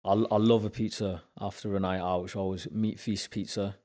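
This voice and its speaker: A man's voice: on the low side, flat delivery, a little mellow. A man, a guest on a podcast, chatting casually in an easygoing, agreeable way. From Newcastle, England. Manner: easygoing, agreeable, quick to laugh. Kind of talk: casual chat.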